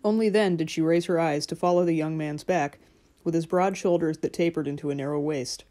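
A woman narrating a fairy-tale audiobook in a measured, gentle storytelling manner. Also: deep voice.

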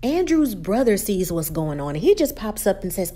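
Woman YouTuber, chatty recap host, very expressive up-and-down delivery, slips into the characters' voices. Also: mid-range voice, moderate pace. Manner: animated storytelling, acts out characters' quotes; frequent "you know" and "like" fillers. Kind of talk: casual episode recap.

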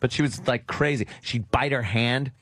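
A man hosting a radio talk show, telling childhood stories in casual banter and slipping into shrill voices for people in them. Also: normal speed, no room sound, studio quality. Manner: animated storyteller doing shrill mimicking voices.

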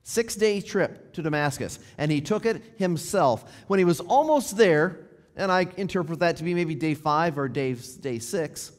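Man in the pulpit, somewhat high voice, conversational storytelling sermon, phrases fading to a hush, church reverb. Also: lively intonation, unhurried. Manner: drops to a near hush at ends of phrases, then rises. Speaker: pastor. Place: church sanctuary.

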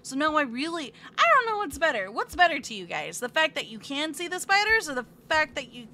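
A woman's voice: high voice, very animated, brisk, pushed and bright. A woman streaming a game live, chatting playfully with her viewers, fake-whining and squealing at what happens on screen. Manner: playful, chatty, reads chat aloud.

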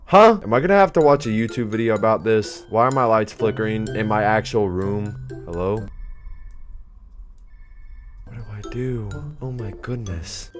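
A young man doing let's play commentary on a horror game, jumpy and excitable, talking to himself and his chat and reading game text aloud. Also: on the low side, normal speed. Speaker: gaming YouTuber. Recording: music playing behind voice. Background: background game music.

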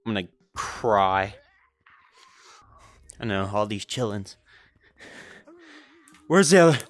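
A man playing VR tag live with viewers, talking over a headset mic and shouting and laughing as he plays. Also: lowish voice, animated, slow, dry recording. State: out of breath. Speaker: gaming YouTuber. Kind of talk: live VR gameplay commentary.

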